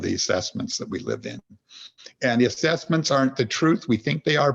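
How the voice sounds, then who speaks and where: A man with a gravelly, husky voice explains his ideas as a podcast guest. He tells little stories and acts out an inner voice along the way, often breaking off to restart. The audio is somewhat dull and lo-fi. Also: mid-range voice. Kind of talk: conversational explanation.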